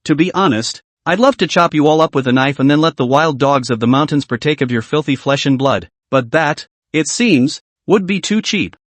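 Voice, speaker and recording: A man's voice: fairly high pitch, lively intonation, normal speed, few pauses, no echo. Man voicing a cold vengeful emperor. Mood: scornful. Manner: cold, scornful.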